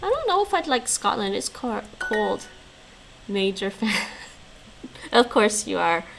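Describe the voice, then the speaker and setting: A woman's voice: mid-range voice, sing-song, measured pace, gravelly, background noise. A woman livestreaming at home, chatting casually and answering her viewers' messages aloud while she studies languages, with frequent laughs.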